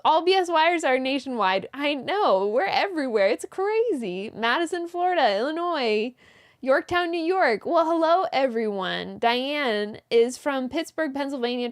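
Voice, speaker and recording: Woman host on a live stream with a high voice, reading viewer comments aloud and greeting each person by name. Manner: greets viewers by name, reads messages aloud, brief laughs. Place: indoors, small closet.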